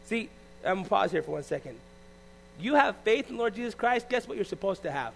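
Male pastor, high voice, lively sermon delivery, faint hum on the recording. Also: fairly quick, vocal fry, poor audio. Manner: animated preaching, swinging between loud and hushed.

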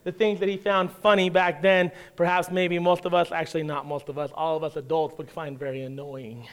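A pastor delivers a sermon with a high, smooth, resonant voice. He talks in a relaxed, conversational way and slips in wry humor as he tells a story. The sermon is given in a church. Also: a little fast.

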